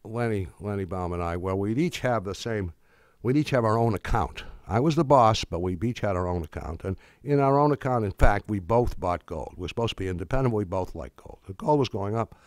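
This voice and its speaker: An older man giving a speech, telling wry stories in a halting way with many restarts and fillers. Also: fairly low pitch, lively intonation, no room sound, clean studio sound. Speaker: speaker. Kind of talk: anecdotal speech.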